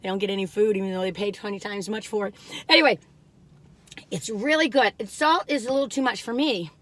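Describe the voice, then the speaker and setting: An older woman hosting a casual cookie taste-test vlog, rambling in a folksy way and breaking into excited laughs and squeals. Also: mid-range voice, brisk. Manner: folksy, rambling, warm-hearted chatter with "you all". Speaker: food vlogger.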